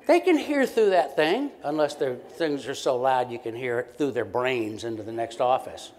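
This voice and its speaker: A man, a professor, giving a conversational and animated keynote lecture to a conference audience. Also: medium pitch, normal speed. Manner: conversational, animated, acts out short quoted exchanges.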